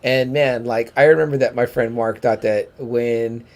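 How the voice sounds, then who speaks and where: A man co-hosting a casual podcast, his voice rough and gravelly at an ordinary middle pitch. He talks with enthusiasm and swears freely. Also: fairly even intonation, moderate pace, darkish tone. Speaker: podcast co-host. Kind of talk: casual chat. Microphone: podcast microphone.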